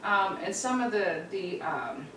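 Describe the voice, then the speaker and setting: A middle-aged woman, a mother, telling a family story in casual chat, animated and acting out what people said. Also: medium pitch, a little slow, a little hiss or hum. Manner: animated storyteller, laughs and acts out quotes. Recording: roomy, slightly distant mic with faint ambience.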